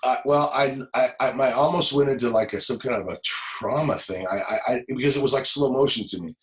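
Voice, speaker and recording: A man in his forties, a former police officer, telling a personal story as a podcast guest, halting and emotional, often repeating words. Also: mid-range voice, poor audio. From Los Angeles. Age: 40s.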